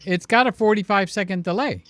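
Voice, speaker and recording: A man's voice: sits high, brisk, a bit bright, a little hiss or hum. A man hosting a casual live stream, chatty and jokey, acting out voices as he tells stories. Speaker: livestream host.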